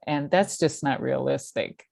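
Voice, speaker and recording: A woman's voice: extremely low pitch, unhurried, vocal fry, a little mellow, no room sound, clean studio sound. A woman hosting a conversation, reflective, summing things up and laughing easily. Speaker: host. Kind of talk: casual conversation.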